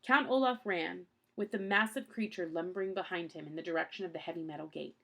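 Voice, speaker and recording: Gravelly woman reading a storybook. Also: lowish voice, fast, fairly bright tone. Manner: plain storytelling with small slips. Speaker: audiobook reader. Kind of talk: reading a children's novel aloud.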